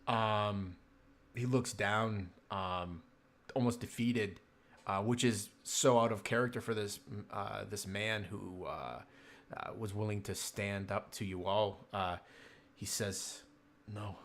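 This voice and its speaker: Low-voiced man narrating a tabletop game. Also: slow pace. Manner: relaxed narration with many ums and laughs. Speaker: dungeon master.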